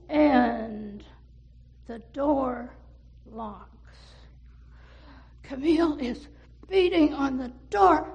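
A woman telling a cautionary story to children, pausing to ask her listeners questions. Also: high-pitched, a little mellow.

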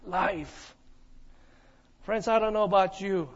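A man preaching to his congregation in a strikingly high voice, pulling listeners in with questions as he tells his story with drama. The recording is dull and muffled, the sound of a church service captured on modest equipment. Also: moderate pace. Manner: preaching with call-and-response questions and dramatic retelling. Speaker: pastor. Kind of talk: sermon.

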